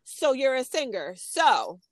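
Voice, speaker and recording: A woman's voice: sits high, very animated, no room sound. Woman podcast co-host, enthusiastic and reactive, close dry sound. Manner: enthusiastic, reacts with quick exclamations and laughs. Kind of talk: casual chat.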